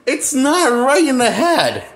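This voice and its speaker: A man giving a casual movie review, incredulous and animated, often repeating himself and laughing nervously. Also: extremely high pitch. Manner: repeats himself, halting restarts. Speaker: movie critic.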